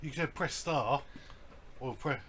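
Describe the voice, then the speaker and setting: A man's voice: on the high side, a loud crowd. A man from the UK co-hosting a casual vlog, mostly chiming in with short replies and laughs. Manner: brief replies and quick laughs. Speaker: vlog co-host. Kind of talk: casual chat.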